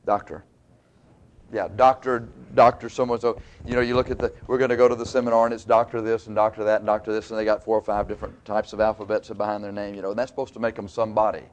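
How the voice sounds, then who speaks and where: A man's voice: on the low side, level tone, quick pace, few pauses. Male preacher, folksy conversational sermon delivery. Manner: folksy, conversational Bible teaching with laughs and asides.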